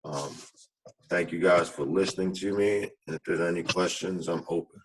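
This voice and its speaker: A man giving a panel presentation on his community business, reflective and halting, in what he calls a monotone. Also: low-pitched, noisy background. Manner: halting, reflective, many fillers; self-described monotone.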